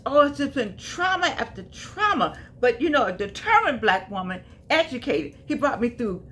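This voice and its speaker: An older woman in her late seventies tells her story straight to her viewers, her voice sitting somewhat high. She leans hard on her words and says them again and again, calling the listener honey and baby. A faint hum of noise runs underneath. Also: fairly bright tone. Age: 70s. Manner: emphatic, repeats phrases, calls viewers honey and baby. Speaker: vlogger. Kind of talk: personal storytelling to camera.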